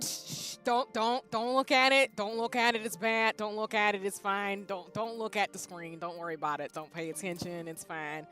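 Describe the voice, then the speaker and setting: Bright-voiced woman streamer chatting playfully. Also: medium pitch, expressive, normal speed. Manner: playful, laughing, flustered and loud in bursts. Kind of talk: casual livestream chat while gaming. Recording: music playing behind.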